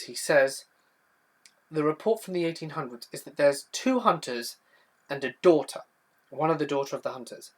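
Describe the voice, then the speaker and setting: A young man with a southern English accent, hosting a casual livestream, telling a spooky story and answering chat in a rambling, self-correcting way. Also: mid-range voice. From south-east England. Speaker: livestream host.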